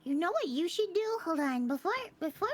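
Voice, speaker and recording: Very high-voiced giggly woman. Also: animated, faint music behind. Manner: giggly, quick to laugh. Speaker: guest, voice actor. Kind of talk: casual chat.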